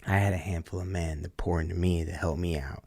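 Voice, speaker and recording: A man's voice: low-pitched, steady tone, a little fast, vocal fry, a little mellow, no room sound. A man, a podcast guest, telling a story in a loose, slangy way and acting out the voices of the people in it. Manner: acts out voices in his stories, loose and slangy. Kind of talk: animated storytelling.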